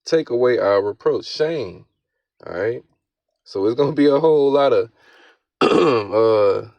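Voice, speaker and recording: A man giving casual, slang-heavy scripture commentary, often tagging his lines with "all right?" and reading verses aloud slowly. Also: mid-range voice, creaky, no room sound. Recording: dull, lo-fi, dry sound.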